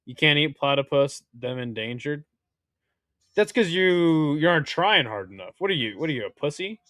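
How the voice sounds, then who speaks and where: Young male streamer, crude and jokey, slightly high, very animated delivery. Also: normal speed, no echo, clean studio sound. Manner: crude, excitable, joking with chat. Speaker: watch party host. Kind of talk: casual live-stream commentary.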